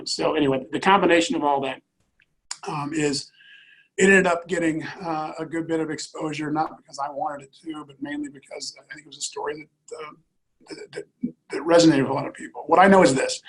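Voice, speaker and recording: This middle-aged man's voice sits a little high for a man and has a husky, breathy edge. He tells a personal story as an interview guest, earnest and halting, often circling back with fillers and repeated words. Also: fairly even intonation, poor audio. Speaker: airline executive, interview guest.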